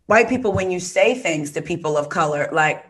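Low-voiced woman in casual chat. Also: lively intonation, moderate pace. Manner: emphatic, chimes in with short agreements. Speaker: podcast co-host.

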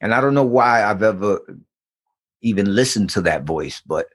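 Man, low-pitched, casual storytelling, animated, profane. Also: moderate pace. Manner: animated, profane, acts out voices in anecdotes. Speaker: guest.

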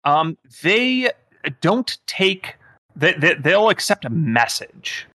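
A man's voice: high voice, very animated, takes it slowly, bright, forceful tone, no room sound. A man running a tabletop game as game master, explaining the world in a rambling way with many fillers.

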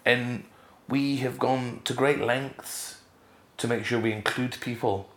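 A middle-aged Scottish man, a guest in a casual interview, telling stories with lively jumps in pitch. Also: takes it slowly, echoey room. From Scotland. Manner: animated storyteller, leaps up in pitch for emphasis.

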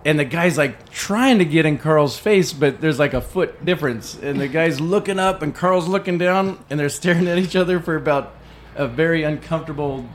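A man's voice: a little high, normal speed, a little hiss or hum. A man co-hosting a podcast, telling a long rowdy story in casual chat, acting out the quotes and swearing freely. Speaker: podcast co-host.

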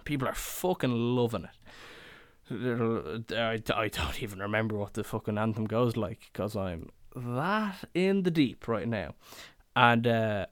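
Tipsy young Irish male podcast host, rambling and swearing, smooth lively voice, dry close sound. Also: fairly low pitch, measured pace, no room sound. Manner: rambling, swearing, chatty storytelling. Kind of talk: rambling casual monologue.

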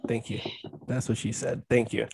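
A man's voice: mid-range voice, level tone, moderate pace, vocal fry, a little mellow, husky. A young man co-hosting a podcast, telling a rambling, self-mocking story in casual chat. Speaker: podcast co-host.

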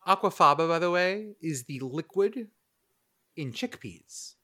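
A man hosting a casual podcast chat, playful and deadpan. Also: a little high, slow. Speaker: podcast host.

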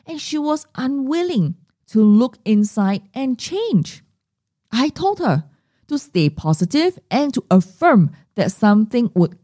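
A middle-aged woman hosts a solo podcast. Her voice is warm and mellow, her pitch swings widely as she acts out quoted voices, and the sound is dry and close. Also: no echo. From Singapore. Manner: animated storytelling, acting out quoted voices. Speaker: podcast host and money mindset coach.

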